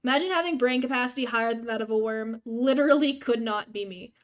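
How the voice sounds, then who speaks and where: A woman's voice: fairly high pitch, fast talker. A young woman streaming a video game, chatting casually with viewers in a rambling, self-deprecating way.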